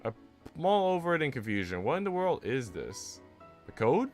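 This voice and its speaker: A man streaming, reading a visual novel aloud in an animated way with asides. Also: a little high, moderate pace. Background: faint game music.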